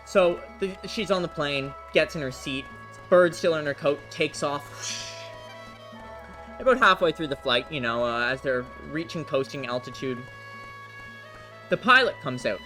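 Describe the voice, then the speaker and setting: A man with a fairly high voice commentating his speedrun in a loose, rambling way. He tells a long joke between fights, full of uhs and restarts. Game music plays clearly behind him. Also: sharp tone, rough recording. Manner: rambling joke-telling, many fillers. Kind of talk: casual gameplay commentary.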